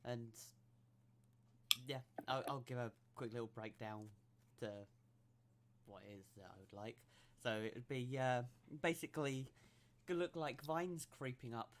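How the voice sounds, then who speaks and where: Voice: mid-range voice, slight background noise. A tabletop game player speaking in character in an eager, chatty way. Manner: eager, chatty, laughs easily. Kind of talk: casual in-character role-play.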